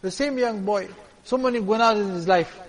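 A man delivers a storytelling sermon in a fairly high voice. He repeats key lines and swings between loud appeals and hushed pleading. The sound carries a long reverb from a hall. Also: moderate pace. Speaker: preacher.

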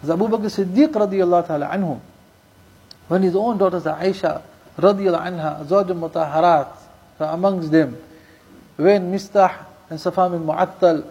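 Husky high-voiced male preacher. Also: normal speed, darkish tone, poor audio. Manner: storytelling with Urdu and Arabic religious terms mixed in; repeats lines for emphasis. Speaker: Islamic preacher. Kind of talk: sermon.

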